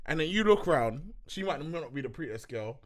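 A man's voice: fairly high pitch, lively intonation. A young man, co-hosting a casual podcast, teasing his friends and calling them out with swearing. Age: young adult. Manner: teasing, swearing, quick to call people out. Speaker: podcast co-host. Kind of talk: casual group chat.

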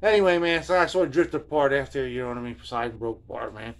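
A man's voice: mid-range voice, fairly even intonation, quick pace. A middle-aged man from New Jersey hosting a guitar video journal, telling a rambling, laid-back story and saying "man" and "you know what I mean" often.

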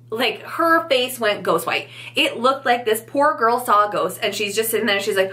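Young woman vlogger, pregnant, lively storyteller; bright, slightly high voice. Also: a little slow. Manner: animated, chatty, acts out quotes. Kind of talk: casual storytelling to camera.

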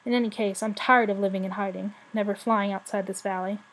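A woman's voice: medium pitch, steady tone, a little fast, close to an everyday voice, poor audio. A woman voicing a young, brave, earnest male dragon in a storybook reading. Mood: resolute.

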